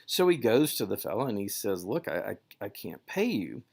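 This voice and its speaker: A man giving a classroom lecture on a medieval poem, paraphrasing passages in a conversational, animated way with many fillers and restarts. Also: lowish voice, moderate pace, creaky. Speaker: literature lecturer.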